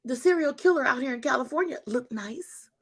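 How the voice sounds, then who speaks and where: A woman's voice: high-pitched, expressive, a little fast, a bit bright, slightly rough. A woman in her fifties hosting a faith talk, telling a story to her listeners with emphatic repetition and calling them y'all. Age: 50s. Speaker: host.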